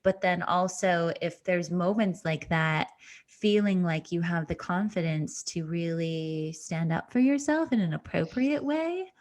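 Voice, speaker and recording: A woman hosting an interview, asking questions and telling a personal story with animated quoted asides. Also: lowish voice, measured pace. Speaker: interview host. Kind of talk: casual interview chat.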